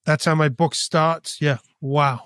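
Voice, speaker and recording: A man from Britain by birth and Spain by upbringing tells his story as a guest. He is animated and acts out the dialogue, in a slightly high voice. The sound is dry and close. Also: slow, smooth, dry recording. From born in Britain, raised in Spain. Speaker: guest artist. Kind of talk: storytelling interview.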